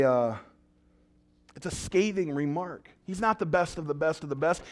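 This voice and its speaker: A male pastor preaching a sermon, telling stories with jokes and acted-out quotes. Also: fairly high pitch. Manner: storytelling, animated and joking, with acted-out quotes.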